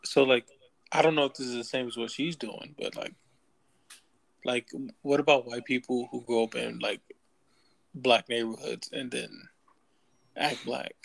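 A man's voice: mid-range voice, fairly even intonation, measured pace, creaky, pauses often, poor audio. A man chatting casually as co-host, rambling with lots of fillers and asking questions. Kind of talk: casual chat.

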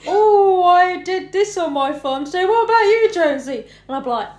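A woman's voice: extremely high pitch, expressive, normal speed, a little mellow, reverberant, pitched above the performer's own voice. A woman putting on the voice of a bitter, ousted male farmer grumbling at the pub.

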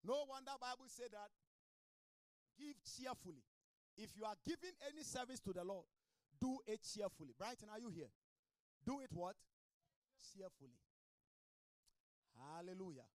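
Fervent preaching man with lively pitch. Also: moderate pace, long pauses, no echo. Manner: fervent preaching, calls out to congregation members by name. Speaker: pastor. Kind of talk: sermon. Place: small church.

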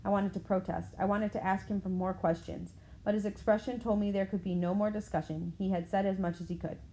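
A woman reading a first-person novel aloud in a steady, plain storytelling manner. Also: mid-range voice, brisk, a little hiss or hum, poor audio. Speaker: audiobook narrator.

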